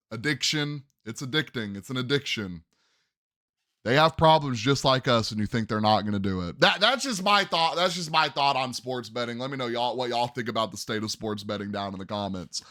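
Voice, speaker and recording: A man's voice: medium pitch, no echo, clean studio sound. A man hosting a solo sports podcast, emphatic and opinionated, often calling out to his listeners. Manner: emphatic, opinionated, addresses "ladies and gentlemen". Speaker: podcast host.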